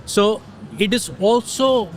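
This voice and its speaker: Higher-voiced middle-aged man explaining. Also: slow, slight background noise. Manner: explanatory, tells stories with quoted dialogue. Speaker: interview guest, technology consultant. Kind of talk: casual conversational interview.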